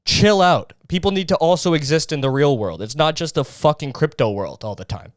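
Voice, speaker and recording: A man's voice: a little high, expressive, a little fast, dry recording, clean studio sound. A young man from Canada hosting a comedy podcast, ranting sarcastically and profanely in a rambling monologue. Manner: sarcastic, profane, rambling with mock-naive voices. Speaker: podcast host.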